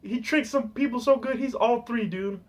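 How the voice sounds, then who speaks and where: A man's voice: very high voice, normal speed. A young man ranting casually on camera, rambling and swearing, saying "dude" constantly. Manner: profane, rambling, full of "dude". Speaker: vlogger. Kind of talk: casual rant.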